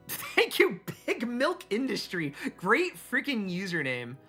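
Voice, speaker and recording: A man streaming a video game, chatting casually and excitably with his viewers and joking around. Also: sits high, slow, soft background music. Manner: excitable and jokey, reading chat aloud. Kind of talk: casual live-stream chat while gaming.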